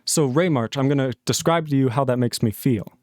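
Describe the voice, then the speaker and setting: A man's voice: medium pitch, brisk, a little mellow, no echo, studio quality. A man hosting a live stream, angrily arguing with his chat and swearing a lot. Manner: angry, profane, arguing with chat. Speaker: livestream host.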